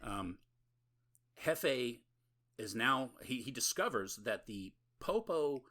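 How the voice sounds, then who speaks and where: A podcast co-host with a fairly low, fairly bright voice recaps a horror movie. His chat is casual, rambling and profane, and he laughs often.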